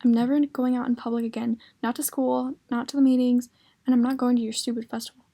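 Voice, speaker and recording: A woman's voice: fairly high pitch, little pitch movement, fast. A woman reading as an angry teenage boy with tics. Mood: angry, shouting. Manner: shouting, agitated outbursts.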